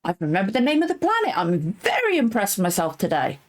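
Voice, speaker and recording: A woman's voice: mid-range voice, wildly swooping pitch, fast talker. A woman hosting a reaction channel, chatting casually and rambling, correcting herself, close to tears. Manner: rambling, self-correcting, emotional. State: tearful. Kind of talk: casual recap chat.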